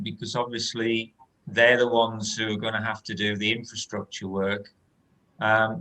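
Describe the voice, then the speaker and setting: A man's voice: medium pitch, bright, forceful tone, low-quality recording. A man asking a hesitant question on a video call. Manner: slow, hesitant. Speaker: meeting participant asking a question. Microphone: computer mic on a video call.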